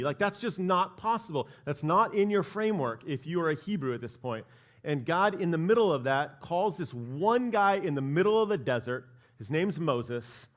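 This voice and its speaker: A man preaching a sermon as pastor of a church, talking in a casual, conversational way and often checking in with "right?". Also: fairly high pitch. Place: church sanctuary.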